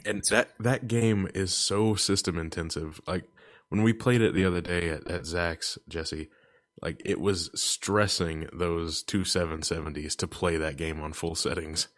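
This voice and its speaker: A man's voice: low-pitched, steady tone, unhurried, dry recording. A man joining a casual gaming podcast as a guest, playful and self-mocking.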